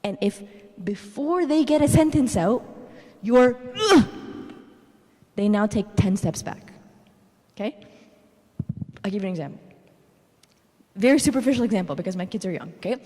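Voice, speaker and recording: A woman in her thirties giving a parenting talk at a church, telling animated personal stories and tagging her points with "okay?". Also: mid-range voice, normal speed, long pauses. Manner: animated storytelling, tags lines with "okay?". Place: church hall. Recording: reverberant church hall.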